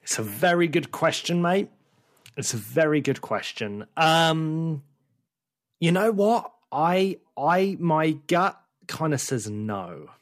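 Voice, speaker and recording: A man's voice: on the high side, lively intonation, slow, no room sound, studio quality. A man co-hosting a casual podcast chat, chatty and calling his co-host "mate". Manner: chatty, says "mate" often.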